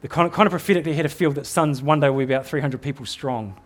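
A man's voice: on the high side, racing. A middle-aged man with a New Zealand accent preaching a sermon in an earnest, exhorting way, often repeating words as he builds a point.

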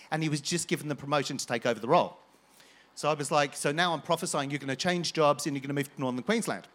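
An energetic man preaches to his congregation, calling out to them and then sliding into a long personal story. His voice sits a little high for a man. He keeps a loose, conversational storytelling flow. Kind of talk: sermon with personal testimony.

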